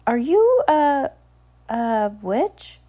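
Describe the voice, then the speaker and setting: A woman voicing an eager, slightly shy young girl witch who asks excited questions. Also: sits high, extremely slow, pitched above the performer's own voice, full character voice.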